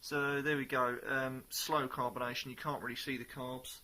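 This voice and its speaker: A man reviewing a beer in a casual, chatty way, sometimes pausing to search for the right words. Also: mid-range voice, flat delivery, pushed and bright.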